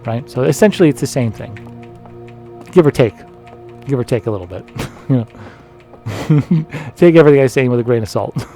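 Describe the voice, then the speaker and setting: A man's voice: medium pitch, dark tone. A Canadian man giving rambling, laugh-filled commentary while playing a video game. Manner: rambling, self-deprecating, laughs often. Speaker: gameplay commentator. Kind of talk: casual let's-play commentary.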